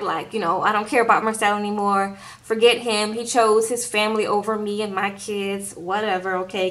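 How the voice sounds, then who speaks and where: A young woman talks straight to her camera in a casual vlog, recapping an episode with lively retold quotes and laughter. Her voice sits a little high and sounds bright and forward. She keeps a loose, conversational flow. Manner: chatty, animated retelling with quoted voices and laughs. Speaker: reality show recap vlogger.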